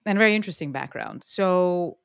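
Low-voiced woman hosting a podcast, bubbly, jokey, dry close sound. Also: very animated, vocal fry, fairly bright tone, smooth, no echo. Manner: bubbly, joking, fast asides. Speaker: podcast host. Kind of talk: energetic podcast interview.

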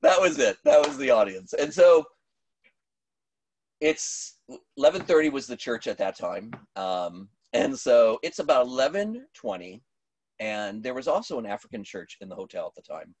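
Husky-voiced middle-aged man telling a story. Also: mid-range voice, normal speed, no room sound. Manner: animated storyteller with many restarts and fillers. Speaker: pastor. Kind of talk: storytelling conversation.

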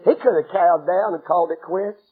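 A man preaching a sermon with fervent, dramatic storytelling that acts out the scenes and breaks into shouts. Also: high voice, brisk, breathy edge, phone-quality sound.

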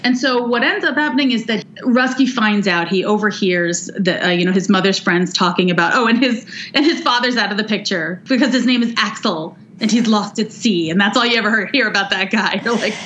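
Woman podcast host, mid-range voice, animated storyteller, slightly dull recording. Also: medium pitch, a little fast, few pauses. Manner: lively retelling, acts out characters' lines, many "you know" fillers. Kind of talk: casual book discussion.

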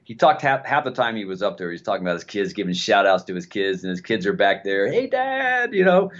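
A man in casual chat, telling an animated story with many restarts and repeated words. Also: low-pitched, fast talker. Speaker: co-host. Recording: dull lo-fi sound.

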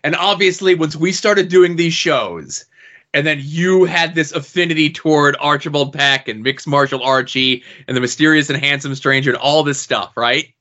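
A man with a bright, forceful voice and a slightly high pitch tells a behind-the-scenes story in loose podcast chat. He teases his co-host and swears now and then. The sound is muffled and lo-fi. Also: normal speed. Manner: storytelling, swearing, playful teasing. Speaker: podcast co-host, show insider. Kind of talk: casual chat.

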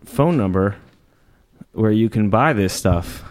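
A man's voice: fairly low pitch, animated, slow, a little mellow. A man co-hosting a podcast, chatting casually in a dry, laid-back way. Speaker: podcast co-host. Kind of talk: casual chat.

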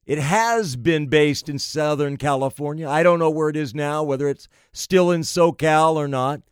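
A man delivering an emphatic political monologue, slow and deliberate, piling up phrase after phrase. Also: on the high side, clean tone, no room sound, clean studio sound. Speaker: political commentator.

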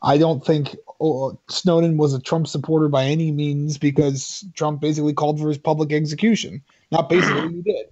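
A man's voice: a little high, fairly even intonation, fairly quick, few pauses, a little mellow, muffled recording. A man co-hosting a casual podcast, earnest and getting heated when he argues a point. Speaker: podcast co-host. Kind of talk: casual chat.

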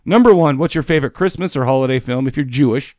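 A man's voice: mid-range voice, quick pace, a little mellow, no echo, clean studio sound. A man hosting a podcast in a casual chat, enthusiastic and rambling. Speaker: podcast host.

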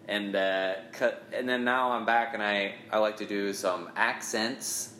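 A man's voice: on the low side, fairly even intonation, unhurried, few pauses, bright, forceful tone, echoey room, slight background noise. A man in his thirties, a comedian from Ohio, talking bluntly and jokingly as a podcast guest. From Ohio, USA. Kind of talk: casual podcast conversation.

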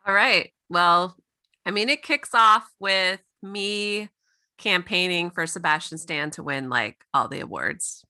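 Gushing woman podcast co-host, very bright tone. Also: fairly low pitch, expressive, dry recording. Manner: gushing, quick recap with laughs. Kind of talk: casual podcast recap.

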